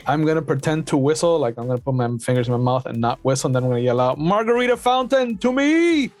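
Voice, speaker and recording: A man's voice: mid-range voice, level tone, racing, a little mellow, no echo. A man playing in a tabletop game who animatedly acts out his character's lines. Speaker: player. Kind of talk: casual tabletop play.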